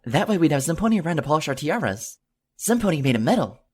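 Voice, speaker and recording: A man's voice: fairly high pitch, sing-song, normal speed, slightly rough, voice pushed up. A man reading an audiobook, voicing a mischievous, playful young filly pony with a chirpy, teasing manner.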